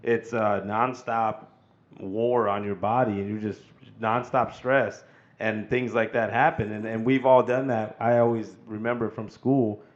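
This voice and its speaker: A man's voice: fairly low pitch, steady tone, a little slow, dull audio. A man co-hosting a firefighter podcast, giving earnest advice about academy life in casual chat. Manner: earnest, emphatic, acts out quoted voices.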